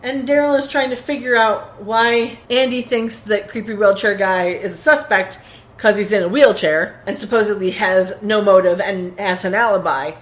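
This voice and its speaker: A woman's voice: medium pitch, moderate pace. A woman co-hosting a podcast, casually recapping a TV episode and acting out quoted lines. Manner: animated retelling with quoted lines. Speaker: podcast co-host.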